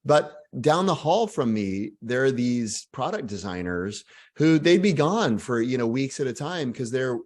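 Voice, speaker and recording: A man from Texas, in his forties, speaking as a guest author in a casual interview, animated and full of asides and jokes. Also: mid-range voice, unhurried. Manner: energetic, animated storyteller with frequent asides and self-deprecating humor.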